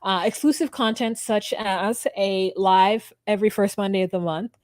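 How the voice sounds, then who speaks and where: A woman's voice: mid-range voice, normal speed, a little mellow, no echo, studio quality. A young woman co-hosting a podcast, recapping casually, laughing often and mimicking people she quotes. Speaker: podcast co-host. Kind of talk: casual reality-TV recap chat.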